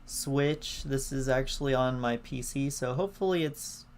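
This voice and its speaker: A man hosting a live gameplay stream, chatty and excitable as he greets viewers. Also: medium pitch, normal speed, a little hiss or hum. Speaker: gaming streamer. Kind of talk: live let's-play commentary. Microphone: laptop setup. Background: faint game music.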